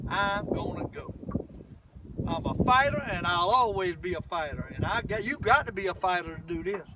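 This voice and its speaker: An older man filming himself fishing from a boat, talking to the camera in a folksy, excitable way and exclaiming often. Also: high-pitched. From Southern US. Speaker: fishing vlogger. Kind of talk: excited outdoor fishing vlog. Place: small boat on a lake outdoors, windy. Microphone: camera mic in the wind. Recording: distant camera mic with wind noise. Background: wind and boat noise.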